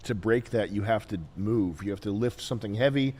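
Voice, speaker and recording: A man hosting a casual podcast, ranting with lots of swearing, then settling into quieter musing. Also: fairly low pitch, a little fast, slight background noise. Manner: profane, emphatic, trailing into quiet musing. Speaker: show host.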